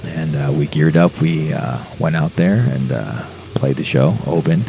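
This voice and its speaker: A man's voice: extremely low pitch, measured pace, vocal fry, dark tone, slight background noise. A man, a podcast guest, telling a rambling, profane story in casual chat and laughing as he goes.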